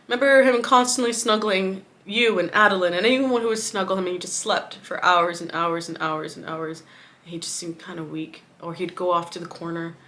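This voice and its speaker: Woman, vlogger, emotional personal story, grieving, hushed then raised, bright tense tone. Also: mid-range voice.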